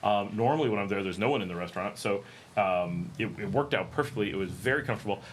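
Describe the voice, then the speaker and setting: Speaking at a quick pace in a fairly low voice, a middle-aged American livestream host chats casually. He rambles, says um a lot, and keeps restarting his sentences, and there's a little background noise.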